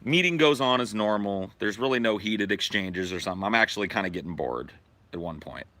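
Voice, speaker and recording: A podcast host telling a profane, animated story from his childhood in casual talk. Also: fairly low pitch, a little fast, dry recording.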